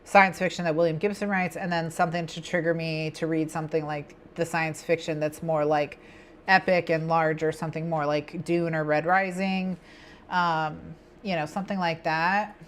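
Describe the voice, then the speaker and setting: Female stream host with a lowish voice, loose and chatty, talks through her plans to viewers. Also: little pitch movement, normal speed, slight background noise. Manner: rambling, thinks aloud, chatty asides to chat. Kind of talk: casual chat with viewers while planning.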